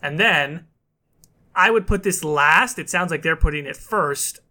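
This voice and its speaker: A man talks shop about video games in an easy, chatty way, often laughing and slipping into little acted-out quotes. His voice sits a touch high and sounds bright and clear. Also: unhurried. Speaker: podcast co-host. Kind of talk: casual chat.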